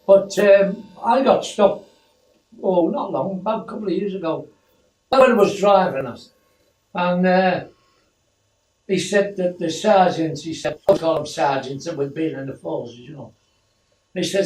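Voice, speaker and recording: A man's voice: sits high, a little slow, darkish tone. An older man telling rambling stories in casual family chat, acting out the voices of people in them. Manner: rambling anecdotal storytelling, acts out voices. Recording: echoey room, mic far off, faint noise.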